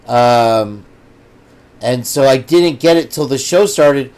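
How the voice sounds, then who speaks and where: A man's voice: mid-range voice, slow pace, a little mellow. A man hosting a casual livestream, rambling and chatting straight to his viewers. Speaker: host.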